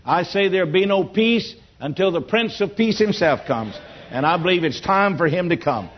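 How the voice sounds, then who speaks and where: Older Southern male preacher, homespun storyteller, slightly high voice, dull lo-fi recording. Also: lively intonation, moderate pace, slight background noise. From Louisiana. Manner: storytelling, homespun, rising to emphatic bursts. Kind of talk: folksy testimony sermon. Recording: dull lo-fi sound.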